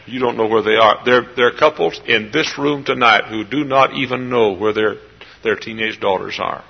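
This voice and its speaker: A middle-aged man from Texas, a pastor preaching a sermon in a church. He climbs into loud emotional peaks, then drops back to quiet, confiding storytelling. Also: medium pitch, moderate pace, vocal fry, slightly rough. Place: church sanctuary. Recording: dull lo-fi sermon tape.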